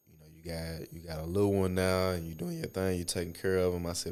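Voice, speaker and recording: A young man co-hosting a podcast in casual chat, telling profane, animated stories from his own life. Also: deep voice, fast. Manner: animated, profane storytelling with acted quotes. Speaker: podcast co-host.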